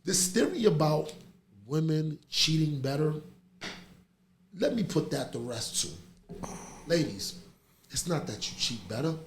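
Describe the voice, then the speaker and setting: A middle-aged man, hosting a podcast in casual chat and telling stories with animated energy. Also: fairly high pitch, measured pace, long pauses. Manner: animated storytelling, laughs through stories. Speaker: podcast host. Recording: echoey room with faint noise.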